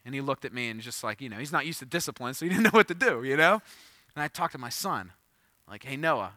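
A man's voice: fairly high pitch, fairly quick, no echo. A man in his thirties preaching a sermon, telling a funny story with jokes before reading scripture. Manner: storytelling, animated and joking. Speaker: pastor.

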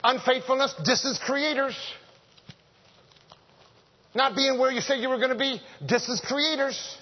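High-voiced husky preacher in an echoey hall. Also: male voice, unhurried. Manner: animated, joking, repeats phrases, calls out to the men. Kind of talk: conversational sermon. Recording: echoey hall, dull lo-fi sound.

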